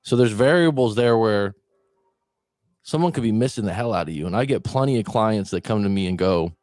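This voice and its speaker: A man's voice: fairly low pitch, lively intonation, fairly quick, a little mellow, no echo, studio quality. A man, a breakup coach, talking straight to the listener and asking them questions. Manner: conversational, asks the listener questions. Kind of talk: direct-to-camera advice talk.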